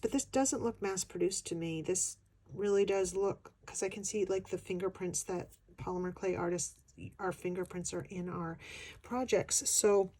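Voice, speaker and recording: A woman chatting casually as a craft vlogger, gushing and excited, often gasping as she unboxes. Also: mid-range voice.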